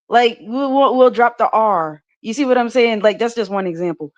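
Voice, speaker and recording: A woman's voice: medium pitch, unhurried, dull audio. An American woman co-hosting a podcast, chatting casually, full of "like" fillers and restarts and laughing easily. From United States. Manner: talkative, many restarts and "like" fillers, laughs often. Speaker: podcast co-host.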